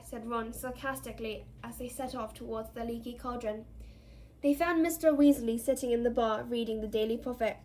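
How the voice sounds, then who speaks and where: A woman with a fairly high voice reads a novel aloud. She keeps a steady storytelling pace and gives the characters their own voices along the way. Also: fairly quick. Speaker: reader.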